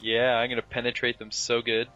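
A man's voice: medium pitch, monotone, fairly quick, pushed and bright, dull audio, soft background music. A Canadian man chats through a co-op game as the host. His talk is light and mocking, and he breaks into laughter easily. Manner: teasing, laughs often. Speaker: let's play host. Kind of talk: casual gameplay commentary.

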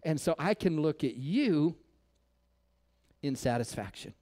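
A male pastor preaching a sermon to his church, firing rhetorical questions and swinging between loud calls and near-whispers. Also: a little high, lively intonation, a little slow.

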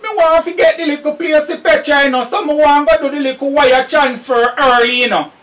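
Woman as a Jamaican husband, fussy and coaxing, in a comedy play, high voice, heard from afar on a noisy recording. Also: a little fast, distant mic. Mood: scolding. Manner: soothing, repeats pleas to calm down. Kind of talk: comedy stage-play acting.

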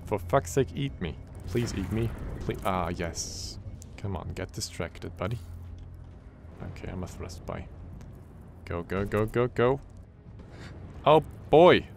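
A man giving horror game let's play commentary, excitable and jokey, swearing often. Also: deep voice, unhurried, vocal fry, pauses often, noisy background. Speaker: gaming channel host.

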